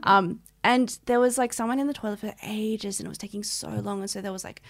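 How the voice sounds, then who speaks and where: A young woman co-hosting a podcast, rambling through a funny story in easy, casual chat. Her voice has a gravelly, fried edge. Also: medium pitch, a little fast. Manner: chatty, storytelling, joking. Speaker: podcast co-host.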